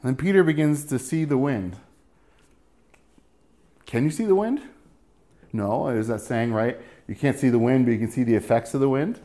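A man's voice: medium pitch, mellow. A middle-aged man preaching a sermon as pastor, in a casual, joking way, often checking in with "right?".

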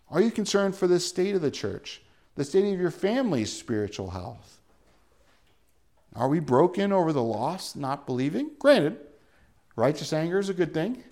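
A man's voice: on the high side, gravelly, darkish tone. A male pastor preaching a sermon in an earnest way, building to emphatic peaks.

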